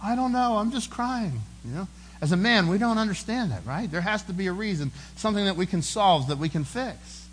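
A man preaching with a slightly raised pitch, talking to the congregation in an earnest, conversational way. He often doubles back on his words and repeats them. A faint hum sits under the recording. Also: expressive, a little fast, fairly bright tone, rough recording. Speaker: pastor. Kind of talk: sermon.

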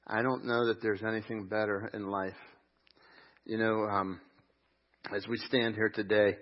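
A middle-aged man, the lead pastor, giving a funeral eulogy in a warm storytelling manner with many fillers and restarts. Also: lowish voice. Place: church sanctuary. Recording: lo-fi recording in a reverberant church.

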